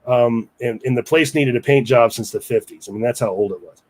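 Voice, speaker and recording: A man's voice: medium pitch, a little fast. Guy telling a long story in an interview, talks loose and chatty, asides to listeners. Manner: rambling, with many restarts and asides to listeners. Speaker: guest storyteller.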